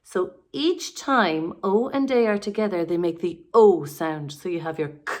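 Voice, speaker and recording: Irish female teacher, unhurried, sounds out letters slowly for small children. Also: on the low side. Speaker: primary school teacher. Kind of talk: remote phonics lesson for young children.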